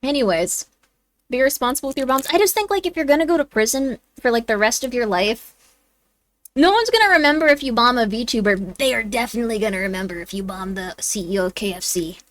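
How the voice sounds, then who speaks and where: Woman streamer, high voice, rambly casual chat, scolds pets now and then. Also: animated, quick pace, low-quality recording. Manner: rambling, chatty, scolds her cat in a squeaky rising voice.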